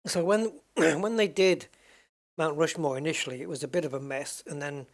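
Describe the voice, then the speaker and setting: A man's voice: on the high side, moderate pace. A man giving casual, rambling commentary while playing a flight game, thinking aloud and chuckling at jokes. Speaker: gaming channel host.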